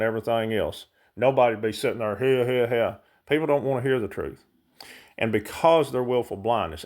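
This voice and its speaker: Guy ranting at the camera, lowish voice, worked up, talks right to his viewers. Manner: heated, ranting, speaks directly to viewers. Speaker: vlogger. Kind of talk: impassioned monologue to camera.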